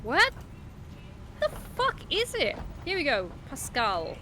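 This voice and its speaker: British woman, high animated voice, casual gamer banter, noise behind. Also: slow pace. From Britain. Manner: swears at the game, laughs often. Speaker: co-host gaming. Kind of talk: casual gaming chat.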